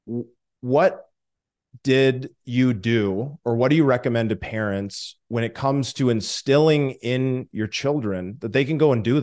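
A man's voice: mid-range voice, darkish tone. Podcast host man asking questions. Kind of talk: interview questions.

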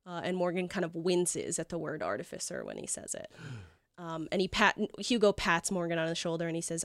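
Low-voiced woman running a tabletop game. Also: sing-song, a little fast, dry recording, clean studio sound. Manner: casual, rambling with fillers. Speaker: game master.

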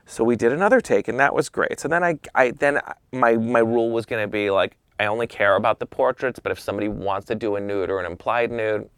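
A middle-aged man, a photographer, telling a lively anecdote in conversation and shifting his voice when he quotes people. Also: fast talker, hardly any pauses, smooth, dry recording, clean studio sound. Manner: lively, swings pitch when quoting people. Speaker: photographer guest.

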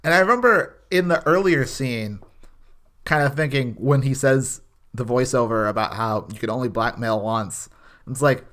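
A man's voice: medium pitch, moderate pace, fairly bright tone. A man chatting casually as a podcast co-host, adding dry asides to the recap. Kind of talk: casual chat.

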